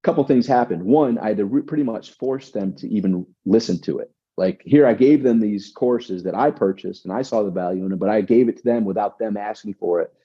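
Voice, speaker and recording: A man's voice: on the low side, fairly quick, hardly any pauses, dark tone, slightly rough. A man telling stories as an interview guest, emphatic and repeating words as he talks. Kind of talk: conversational interview. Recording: dull lo-fi sound.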